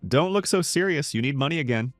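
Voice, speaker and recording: A man's voice: a little high, lively intonation, fast, no echo, faint music behind, pitched above the performer's own voice, natural voice. A man reading the lines of a young woman, a hurt and angry younger sister.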